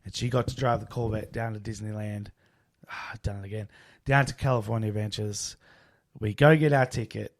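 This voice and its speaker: A man's voice: lowish voice, a little fast. A man, co-hosting a podcast and casually telling a travel story, acting out quoted lines. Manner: relaxed, acts out quoted dialogue. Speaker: podcast co-host.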